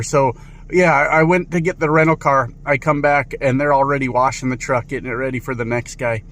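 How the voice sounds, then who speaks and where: A man vlogging from inside a car while driving, talking casually and candidly, rambling with fillers, swearing now and then, and sometimes getting loud. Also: mid-range voice, fairly even intonation, brisk. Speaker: truck driver vlogger. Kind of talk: casual vlog monologue. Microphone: camera in car. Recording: loud road and car noise. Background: car and traffic noise.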